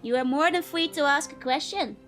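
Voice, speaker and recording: A woman's voice: high voice, a little fast, fairly bright tone, soft background music. A young woman streamer chatting casually with viewers, giggling often between phrases.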